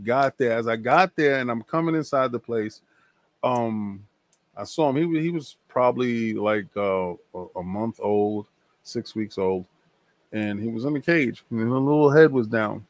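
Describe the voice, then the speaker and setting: Guest storyteller: New man, lively delivery that acts out the voices of others, dry close sound, mid-pitched voice. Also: measured pace, no room sound. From New York. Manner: animated, acts out other people's lines. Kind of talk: casual storytelling.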